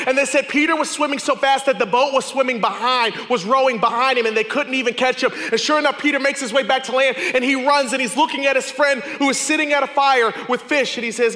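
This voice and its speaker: High, bright-voiced man preaching a sermon. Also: quick pace, hardly any pauses. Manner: dramatic storytelling, shifts between fervent and hushed. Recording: echoey hall.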